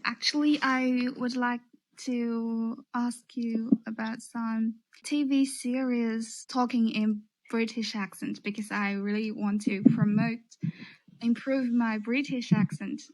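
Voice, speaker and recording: A woman from China calls in with a question. She speaks slowly and carefully, her voice a little high. She often hesitates and repeats words. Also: steady tone, a little mellow, low-quality recording. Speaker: caller.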